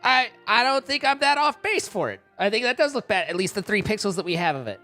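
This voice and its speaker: Male streamer, casual rambling chat, animated and bright, stumbles and self-corrects. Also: sits high, quick pace, soft background music.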